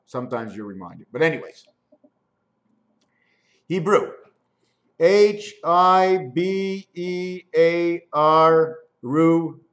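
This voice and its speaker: A man in a rambling monologue, riffing on words and spelling out letters in an animated, sing-song way. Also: on the high side. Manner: free-associating wordplay, spelling out letters.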